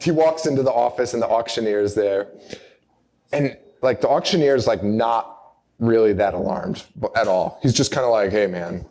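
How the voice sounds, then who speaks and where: A man's voice: mid-range voice, moderate pace, a little mellow. A young man hosting a live horror podcast, recapping a movie in rambling, casual banter with lots of laughter and acted-out quotes. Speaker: podcast host. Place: live show in a bar or venue.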